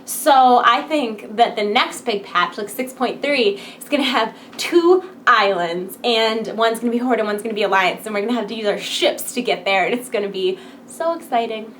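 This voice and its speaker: A woman vlogger talks casually to her viewers in a fairly high voice, peppy and rambling, with frequent giggles. She sounds wired on coffee in the small hours. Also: normal speed, few pauses, a bit bright, slight background noise. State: wired on coffee late at night. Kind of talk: casual chat to camera.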